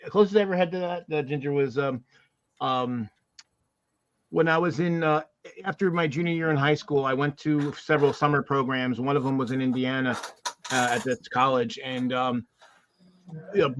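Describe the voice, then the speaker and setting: A man's voice: medium pitch, steady tone, a little fast, fairly bright tone, highs cut off. A man with a New York-New Jersey accent, chatting casually as a podcast co-host and telling stories with lots of restarts. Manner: storytelling, laughing, restarts. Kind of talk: casual chat.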